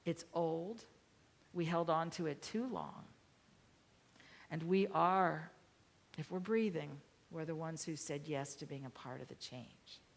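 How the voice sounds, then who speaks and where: A woman minister delivers a sermon in a fairly low voice. She speaks softly and reflectively, at times almost whispering. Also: takes it slowly.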